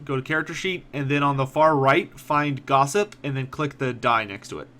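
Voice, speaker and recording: A man's voice: mid-range voice, fairly quick. A man running a tabletop role-playing game as game master, narrating loosely with plenty of ums and uhs. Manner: relaxed, filler-heavy narration.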